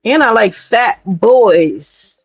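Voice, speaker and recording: A woman from New York City hosting a livestream, talking in a blunt, profane and animated way as she gives her commentary. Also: fairly high pitch, very slow, slightly rough, no echo, muffled recording, soft background music. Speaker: streamer host.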